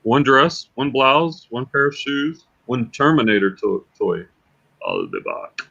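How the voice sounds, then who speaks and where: A man's voice: medium pitch, big pitch swings, a little slow, creaky, sharp tone. A man hosting a casual livestream, chatty and repeating words as he thinks aloud. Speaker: livestream host and reseller. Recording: slightly dull lo-fi sound.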